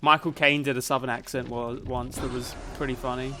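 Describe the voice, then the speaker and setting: A man's voice: mid-range voice, little pitch movement, a little fast, background noise. Rambling man streaming a game. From Canada. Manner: rambling, musing aloud, muttering reactions to the game. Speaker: live streamer. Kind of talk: casual chat while playing a video game.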